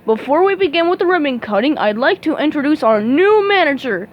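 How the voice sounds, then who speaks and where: Bossy middle-aged crab guy, lady doing the voice, a bit louder and higher than her own. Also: big pitch swings, a little fast, muffled recording, slight background noise. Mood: blustery. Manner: blustery, commanding. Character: gruff middle-aged male crab boss.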